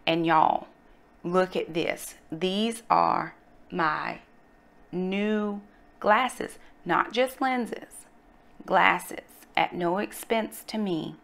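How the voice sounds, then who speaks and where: A middle-aged woman from North Carolina, telling a personal story in a casual, animated way and calling her viewers y'all. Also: on the low side, very slow, creaky. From North Carolina, USA. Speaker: vlogger, mother.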